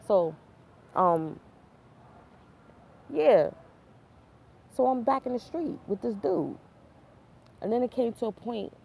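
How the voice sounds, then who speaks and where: A woman's voice: mid-range voice, vocal fry, warm tone, a little hiss or hum. A woman candidly telling her own life story to camera, slangy and full of asides. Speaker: vlogger.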